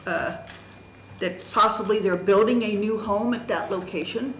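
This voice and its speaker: At a county government meeting, a woman formally testifies before the board, reading from documents as she presents a candidacy challenge methodically and emphatically. Her medium-pitched voice moves at normal speed. The audio is poor and roomy, with slight background noise.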